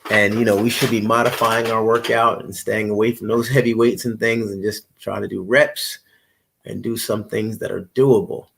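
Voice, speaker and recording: A man's voice: on the low side, flat delivery, moderate pace, vocal fry, husky. A middle-aged man hosting a live stream, chatting casually in a rambling way, repeating himself and greeting viewers by name. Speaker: livestream host.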